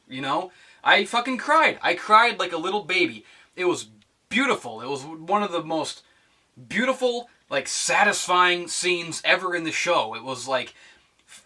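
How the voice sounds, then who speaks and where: A man's voice: fairly high pitch, pushed and bright, far from the mic. A young man ranting to camera in a profane, sarcastic vlog. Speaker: vlogger. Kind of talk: animated rant to camera.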